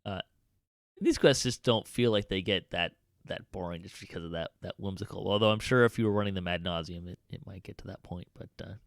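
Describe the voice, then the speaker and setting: A man's voice: low-pitched, a little fast, creaky, no room sound, studio quality. A man hosting a casual podcast roundtable, talking with many ums and restarts. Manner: hesitant, many fillers and restarts. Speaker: podcast host.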